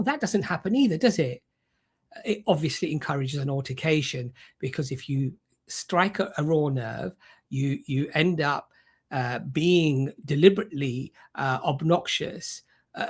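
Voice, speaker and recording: A man's voice: a little high, expressive, a little slow, breathy edge. A man speaking on an online panel discussion, arguing his point and mocking the other side. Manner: argumentative, mocking impressions.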